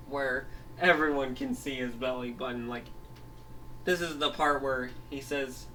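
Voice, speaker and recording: A man with a medium-pitched, pushed and bright voice improvises a made-up story, rambling with many restarts and bursts of laughter. His voice is heard from a distance, with faint noise in the background.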